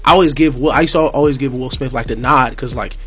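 Young dude hyping stuff up, slangy and emphatic, bit of music in the back. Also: male voice, medium pitch, quick pace, pushed and bright, slightly rough. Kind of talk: casual chat.

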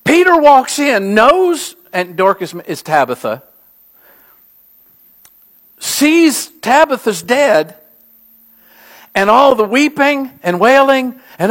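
A middle-aged man, a pastor, preaching a sermon with animated storytelling that rises to emphatic peaks. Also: very high-pitched, slow pace, long pauses.

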